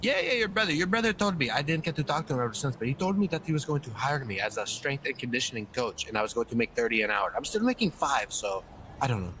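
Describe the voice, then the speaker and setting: A man talking in character in a roleplay game, swearing constantly and rambling excitedly through a story. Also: mid-range voice, quick pace, slight background noise.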